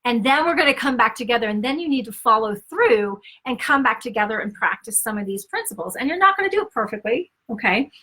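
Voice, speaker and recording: Bright, emphatic woman teaching on relationships. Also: fairly high pitch, expressive, fast talker, few pauses, slightly rough. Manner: emphatic, conversational, frequent "okay?" and "right?" check-ins; acts out quoted dialogue with shifts in tone. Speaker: Christian speaker and author.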